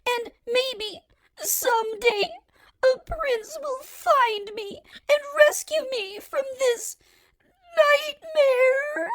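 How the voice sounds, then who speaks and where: A woman voicing a spoiled, self-pitying young princess in an audiobook, shrill and indignant. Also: very animated, slow pace, creaky, sharp tone, no room sound, exaggerated voice. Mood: tearful. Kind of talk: audiobook character acting.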